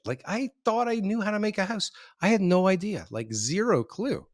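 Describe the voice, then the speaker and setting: A man's voice: high voice, huge pitch swings, a little fast, few pauses, no room sound, clean studio sound. A man in his forties, a real estate developer and interview guest, telling his story in a rambling, self-deprecating way with many restarts. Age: 40s.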